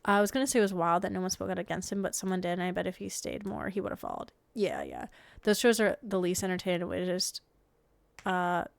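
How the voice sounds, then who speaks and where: A woman's voice: fairly low pitch, very animated, fairly quick, gravelly, no room sound. Chatty young woman, dry close mic. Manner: chatty, swears freely, drops to quiet mumbled asides. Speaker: streamer reacting to reality show clips. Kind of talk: casual reaction commentary.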